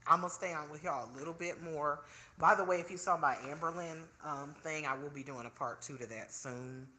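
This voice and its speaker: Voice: medium pitch, a little fast, pushed and bright. A vlogger in their forties, venting casually to viewers while filming themselves indoors. The delivery is chatty and indignant. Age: 40s. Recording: echoey room.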